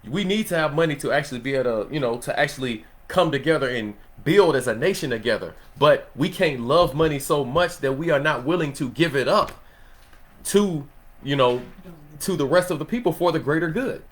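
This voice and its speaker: A man in a relaxed Bible study who teaches the scripture in a loose, conversational way, laughing often and checking in with his listeners. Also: a little high, a little fast. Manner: loose and conversational, laughs often, asks "you know what I'm saying?".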